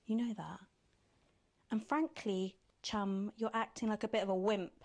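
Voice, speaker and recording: A woman's voice: steady tone, lightly acted. An actress voicing a sly woman presenter who mockingly tempts the player toward being bad, in a video game. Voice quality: purring, mocking, drawn-out teasing delivery. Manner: sneering and condescending, mimics others in high silly voices. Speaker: news anchor.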